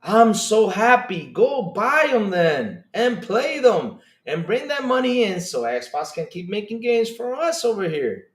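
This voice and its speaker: Hosting a live stream, a man with a high-sitting voice reads chat aloud and reacts with excitable disbelief, laughing often. His loudness swings rapidly.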